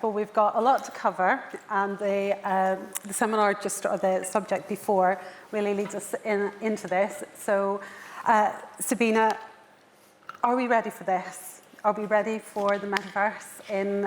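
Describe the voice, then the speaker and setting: Northern irish woman running a panel, cracks jokes at her own expense, mid-pitched voice. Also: flat delivery, a little slow, slight background noise. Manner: self-deprecating and joking. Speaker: panel moderator. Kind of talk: moderating a conference panel.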